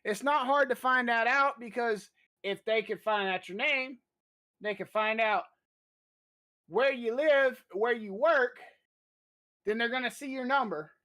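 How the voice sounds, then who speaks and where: A podcast host spinning an anecdote with plenty of swearing and lively explanation. The delivery is loose, chatty and confident, the way someone talks when recounting something that happened to them. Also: mid-range voice, measured pace, long pauses. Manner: profane, animated anecdote-telling. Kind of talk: casual storytelling chat.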